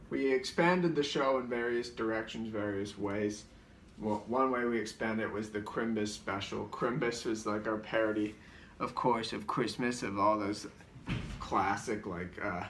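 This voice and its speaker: A man's voice: fairly low pitch, fairly bright tone, a little hiss or hum. Rambling man, roomy and distant. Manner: rambling, heavy use of "like", frequent restarts, briefly mimics voices. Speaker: comedian recounting his sketches. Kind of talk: casual storytelling. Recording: roomy sound from a distant mic.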